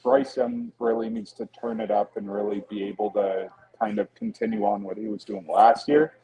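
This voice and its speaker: A man co-hosting a casual sports podcast from a pub, giving steady, analytical breakdowns. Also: medium pitch, moderate pace, gravelly, husky, lo-fi sound. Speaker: podcast co-host.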